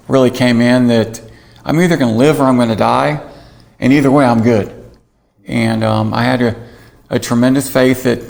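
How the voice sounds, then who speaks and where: A man with a gravelly voice, sitting mid-range in pitch. He tells his story in a candid, self-mocking way, laughing as he goes. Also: a little mellow. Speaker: guest. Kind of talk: storytelling interview.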